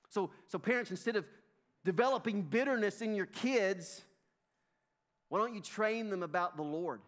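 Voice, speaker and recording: A middle-aged man preaches with a Southern US accent, his voice pitched notably high for a man. He speaks emphatically, repeats phrases and calls out to the congregation as folks. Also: normal speed, a bit bright. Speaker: pastor. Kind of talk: sermon. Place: church sanctuary.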